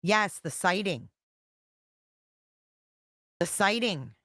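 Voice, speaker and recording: A woman's voice: medium pitch, expressive, drawn-out words, a bit bright, no echo, clean studio sound. A woman hosting a casual livestream, reading text messages aloud in a profane, exasperated, rambling way. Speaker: true-crime commentary host.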